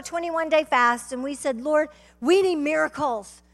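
A woman with a Southern US accent giving a fervent testimony sermon as a guest speaker, telling her story and building to shouts. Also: high-pitched, unhurried. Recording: reverberant hall.

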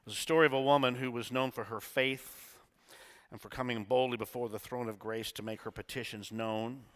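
A male pastor preaching a sermon, swinging between quiet talk and shouted call-and-response. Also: medium pitch. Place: church sanctuary. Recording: church hall reverb.

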